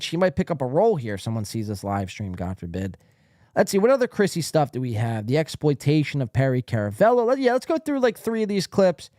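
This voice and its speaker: A man's voice: medium pitch, a little mellow, no echo, studio quality. A man hosting a live stream podcast, ranting casually in a blunt, profane, rambling way.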